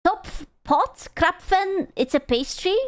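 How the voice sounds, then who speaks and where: A young woman, streaming and chatting casually with her chat, excitable, swearing and gasping in her reactions. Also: very high-pitched, takes it slowly. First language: Hungarian.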